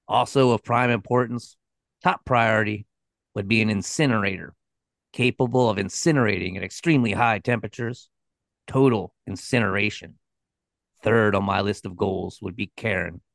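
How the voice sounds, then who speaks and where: A nasal, nerdy man, as a podcast host puts him on, reads out his plans in a dull, rambling, matter-of-fact tone that makes them chilling. The voice sits a bit higher than the performer's own, with a gravelly edge and a dry, close sound. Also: fairly bright tone, dry recording. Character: nasal nerdy middle-aged man, mundane and chillingly flat.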